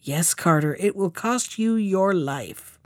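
A woman's voice: fairly high pitch, unhurried, darkish tone, no room sound, clean studio sound, natural voice. A woman voicing a small, vengeful female sparrow who taunts with cool threats. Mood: taunting.

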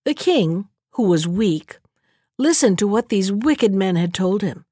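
A woman narrates a fairy tale audiobook in a steady, measured manner. Her voice sits mid-range for a woman. The recording is dry and close, with no room sound. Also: mid-range voice, no echo.

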